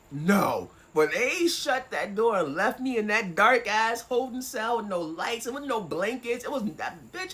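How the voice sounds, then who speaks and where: A woman vlogger tells a personal story in an animated, swear-heavy way. Her pitch swings widely as she talks. The tone is casual and conversational. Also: a little slow, hardly any pauses. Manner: animated, profane, acts out voices.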